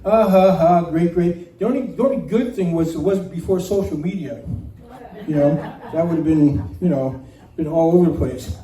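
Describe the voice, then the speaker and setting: A man telling a personal story live to a room, animated and laughing as he goes. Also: on the high side, normal speed, far from the mic. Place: community center room. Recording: roomy hall recording from off-mic.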